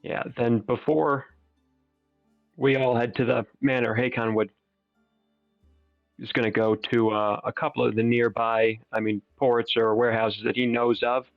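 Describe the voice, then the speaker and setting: A man plays in a tabletop game, talking casually with some hesitation. His voice has a gravelly edge, and it comes through a dull, dry lo-fi mic with faint music behind. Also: medium pitch, level tone, measured pace, long pauses, no echo. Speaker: player.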